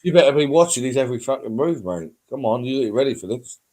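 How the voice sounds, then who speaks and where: A man's voice: medium pitch, lively intonation, quick pace, darkish tone. A man in a casual stream chat, mocking and swearing, often laughing.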